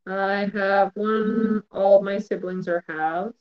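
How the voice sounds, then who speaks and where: A man with a rather high voice talks casually, pausing often with fillers and trailing off mid-thought. The sound is a little muffled. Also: fairly even intonation. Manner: hesitant, trailing off with fillers and laughs. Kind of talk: casual chat.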